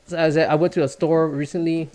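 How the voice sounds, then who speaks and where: A man's voice: on the high side, flat delivery, quick pace, mellow. A man streaming a game and talking casually, rambling with stammering restarts, repeated words and casual swearing. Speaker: gaming streamer. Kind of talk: casual commentary while gaming.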